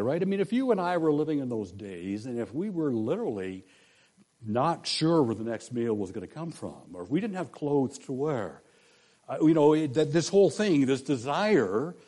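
A pastor giving a conversational sermon, often asking the congregation questions. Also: male voice, medium pitch, very animated, moderate pace, a little mellow.

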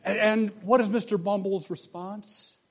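A pastor giving a conversational sermon, often asking the congregation questions. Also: male voice, high-pitched, fairly even intonation, unhurried.

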